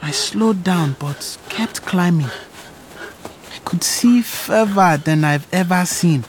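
A woman narrating a story in the first person, hushed and wondering. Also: on the low side, takes it slowly, a little hiss or hum.

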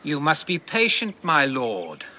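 An actor playing an obsequious male servant and herald who speaks smoothly, formally and deferentially in a radio drama. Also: a little high, huge pitch swings, unhurried, bright, forceful tone, a little hiss or hum, heavily acted.

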